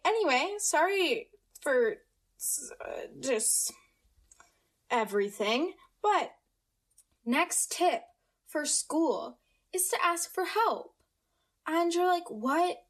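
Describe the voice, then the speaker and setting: American teen girl rambling on her podcast, high voice that bounces around a lot, um's everywhere. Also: fairly bright tone. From United States. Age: teens. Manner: chatty, self-mocking, full of fillers. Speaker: podcast host. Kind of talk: casual solo podcast chat.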